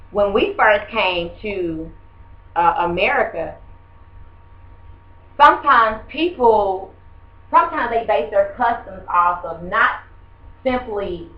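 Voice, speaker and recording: A woman's voice: medium pitch, animated, slow pace, pauses often. A woman teacher, giving a rambling, conversational classroom lesson and quizzing the class. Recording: muffled echoey room from far off.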